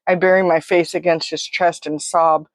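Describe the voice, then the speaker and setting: A woman's voice: on the low side, little pitch movement, moderate pace, no room sound. Woman narrating a story up close. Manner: close, vivid, present-tense retelling. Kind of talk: first-person story narration.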